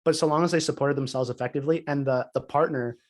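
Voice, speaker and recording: A man's voice: mid-range voice, fast. A man on a podcast, telling a personal story in casual chat, full of "like" fillers. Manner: animated storytelling, many "like" fillers. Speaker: podcast co-host.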